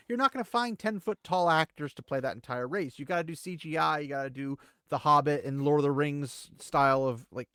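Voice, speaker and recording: A man co-hosting a casual commentary chat, rambling and animated, swinging between loud bursts and quiet asides. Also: medium pitch, dry recording, studio quality. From United States. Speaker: co-host.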